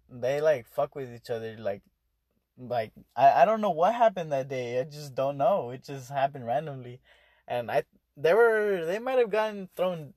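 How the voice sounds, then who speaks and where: A young adult male vlogger with a mid-range, darkish voice rambles casually through a story, swearing a lot, using plenty of fillers and restarting sentences. The studio-quality recording has no echo.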